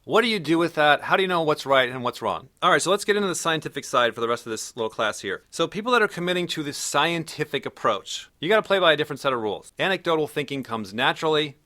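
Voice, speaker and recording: A man's voice: fairly high pitch, animated, fast talker, hardly any pauses, sharp tone. A man giving a casual, blunt lecture, swearing freely and acting out the people he quotes. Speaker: personality typing instructor.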